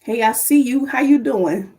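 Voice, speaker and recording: A woman hosting her podcast livestream, talking straight to viewers, lively and excited. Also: fairly high pitch, measured pace. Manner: lively, excited, calls to the audience. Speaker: podcast host.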